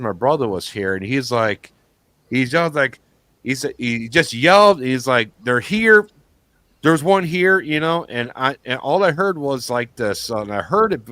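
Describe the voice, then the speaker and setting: A man's voice: mid-range voice, fairly bright tone, dry recording. A man co-hosting a talk show, telling a story in a rambling way with many restarts. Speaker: co-host. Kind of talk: casual chat.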